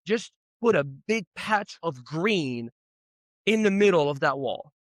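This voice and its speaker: A man playing a calm, scheming wife in a story he tells, speaking softly and coaxingly. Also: on the high side, slow, no room sound, studio quality.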